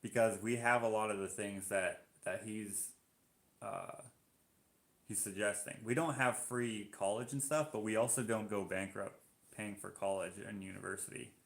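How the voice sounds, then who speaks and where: A man's voice: fairly low pitch, steady tone, moderate pace, creaky, fairly bright tone. Chatty Canadian man in roomy echo. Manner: chatty, reacting aloud to viewer comments. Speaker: live-stream host. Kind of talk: casual chat reading live comments.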